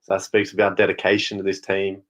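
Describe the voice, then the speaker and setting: Low-voiced Australian man, easygoing. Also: monotone, fast, fairly bright tone. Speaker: podcast guest. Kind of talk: casual chat.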